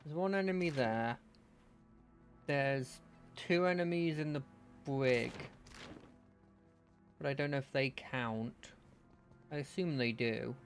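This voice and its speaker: A man's voice: mid-range voice, takes it slowly, long pauses. A man giving casual, rambling commentary while playing a video game, with wry asides. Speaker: let's play host. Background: game music.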